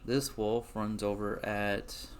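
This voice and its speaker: A man's voice: lowish voice, level tone, slow pace, a little hiss or hum. A man narrating a tabletop game as game master, hesitant and full of fillers.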